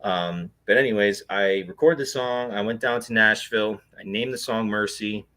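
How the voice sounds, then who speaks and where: A man speaks as an interview guest, telling a personal experience with earnest intensity. His voice sits a touch low, yet it sounds bright and tense. He rambles, stacking fillers and restarts as he goes. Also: normal speed. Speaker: guest, paranormal investigator.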